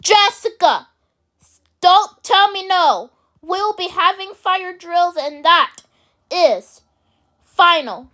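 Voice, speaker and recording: A woman's voice: extremely high pitch, animated, slow, pauses often, a bit bright, exaggerated voice. A woman voicing a strict, insistent schoolteacher in a homemade cartoon, repeating her orders sternly. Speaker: teacher figure.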